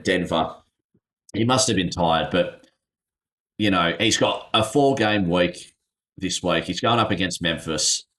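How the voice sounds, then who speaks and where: A man's voice: low voice, a bit bright. A man hosting a casual solo fantasy basketball review, rambling and thinking aloud as he checks stats. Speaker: fantasy basketball channel host.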